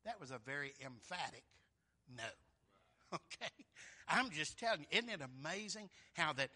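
A man preaching a sermon in a folksy, emphatic way, rising to loud, shouted peaks. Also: fairly high pitch, lively intonation, normal speed, husky.

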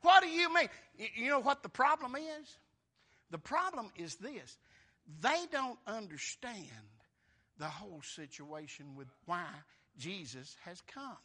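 A male preacher giving a folksy, animated sermon and acting out the scripture characters. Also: sits high, unhurried.

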